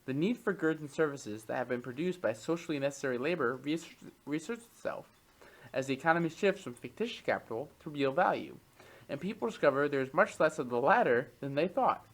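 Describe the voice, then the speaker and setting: A man's voice: fairly high pitch, expressive, brisk, fairly bright tone, poor audio. Man reading a political text aloud. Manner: reads long passages aloud, then comments with fillers. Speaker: reading group member.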